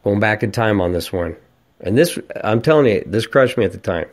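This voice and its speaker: A man's voice: lowish voice, expressive, brisk. A man in his forties hosting a podcast, ranting and telling stories in a casual, profane monologue. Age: 40s. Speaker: podcast host.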